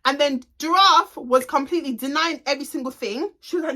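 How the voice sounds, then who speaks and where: Young salon owner lady spilling tea on her vlog, sharp bright voice, cusses a lot, talks right at the camera. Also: sits high, brisk. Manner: gossipy, blunt, swears freely; addresses viewers directly. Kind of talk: casual storytime vlog.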